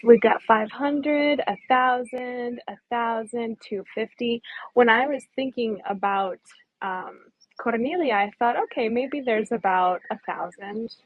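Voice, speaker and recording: Her voice is on the high side and measured in pace, captured in a dry recording with narrow, tinny audio. This tour guide and travel vlogger walks viewers through a small hillside village outdoors on a casual live tour, chatting enthusiastically and often asking them questions.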